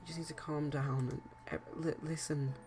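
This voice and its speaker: A man voicing a remorseful young man from a life-sim game who pleads softly and apologizes. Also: on the high side, level tone, normal speed, noisy background, natural voice. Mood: pleading.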